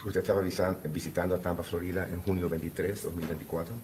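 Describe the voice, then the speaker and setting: A man working as a court interpreter, switching between Spanish and English in a quick, businesslike way with frequent fillers. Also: low-pitched, level tone, a little mellow, slight background noise.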